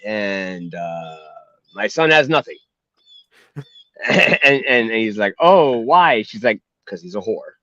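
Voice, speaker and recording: A man's voice: lowish voice, slow, long pauses, dry recording, muffled recording. A man co-hosting a podcast, telling family stories in casual chat and laughing often. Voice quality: laughs often, animated storytelling. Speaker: podcast co-host.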